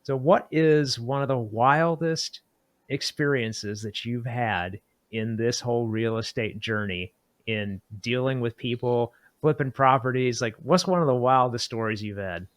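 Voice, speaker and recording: A man's voice: mid-range voice, measured pace, no room sound. A man hosting an interview podcast, speaking enthusiastically and addressing the viewers directly. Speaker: podcast host.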